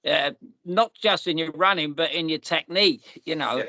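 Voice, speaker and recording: A man's voice: fairly high pitch, normal speed, bright, forceful tone, no room sound. A man, hosting a podcast and telling long rambling stories in a casual chat. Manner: rambling, restarts and repeats, storytelling. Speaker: podcast host.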